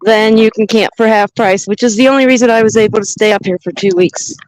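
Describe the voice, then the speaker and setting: A woman's voice: mid-range voice, fast talker, a little mellow, dry recording, low-quality recording. Woman chatting to her handheld cam while hiking uphill outside, dry close sound. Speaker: vlogger. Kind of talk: casual walking vlog narration. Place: outdoors on a mountain trail. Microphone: handheld camera.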